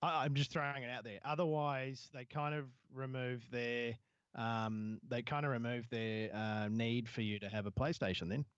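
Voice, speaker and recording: A man's voice: mid-range voice, fairly even intonation, moderate pace, clear, resonant tone, no echo, muffled recording. A man co-hosting a casual tech news podcast, rambling with many fillers and restarts. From Southern Hemisphere. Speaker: podcast co-host.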